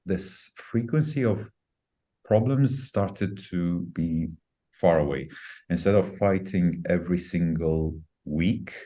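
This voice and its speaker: A man's voice: deep voice, a little mellow. A middle-aged man, a podcast guest, candidly telling a personal story in an earnest, reflective way. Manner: earnest, reflective, speeds up when quoting himself.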